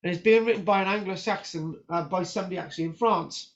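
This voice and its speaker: A man with a fairly high voice lectures on history in a loose, talkative way. He stumbles over his words, restarts often and keeps asking "right?" The recording is dull and lo-fi. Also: fast talker. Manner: animated, chatty, frequent restarts and "right?" tags. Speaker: history teacher. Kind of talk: informal lecture with notes on screen.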